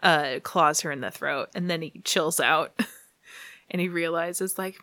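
A woman's voice: fairly low pitch, fairly even intonation, slow, sharp tone, no echo. A woman casually recapping a comic story, laughing often and dropping to a whisper for asides. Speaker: podcast host recapping comics. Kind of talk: casual chat.

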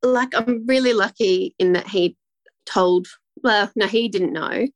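A woman's voice: medium pitch, measured pace, no room sound. A woman, a guest telling a personal story in a rambling, emotional way with many restarts. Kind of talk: casual interview talk.

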